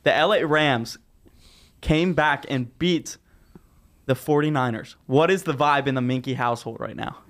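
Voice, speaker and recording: A man hosting a casual sports podcast, teasing his co-hosts and steering the talk in an animated way. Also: medium pitch, normal speed. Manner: teasing, animated, mock-defensive. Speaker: podcast host.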